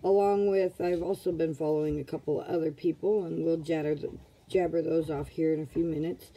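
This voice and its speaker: A woman's voice: low-pitched, fairly even intonation, brisk, warm tone, husky, poor audio. A middle-aged woman at home giving a casual motivational talk to her followers, asking rhetorical questions over and over in a preachy way. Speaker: vlogger, motivational group leader.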